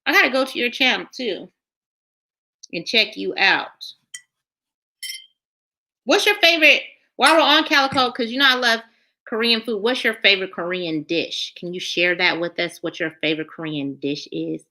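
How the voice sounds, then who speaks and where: A woman, hosting a casual livestream, reading viewers' comments aloud and chatting in a lively way, repeating herself often. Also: medium pitch, normal speed, pauses often. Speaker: channel host reading live chat.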